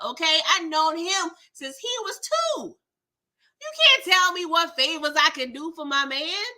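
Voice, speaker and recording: A woman's voice: sits high, pushed and bright. A woman hosting a casual live recap of a TV episode, talking in a sassy, slangy, exasperated way. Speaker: TV recap host.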